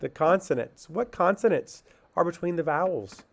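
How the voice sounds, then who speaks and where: A man's voice: a little high, lively intonation, gravelly. A man teaching a phonics lesson to children, asking a question and answering it himself, then sounding words out syllable by syllable. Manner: slow, patient, asks questions and answers them himself.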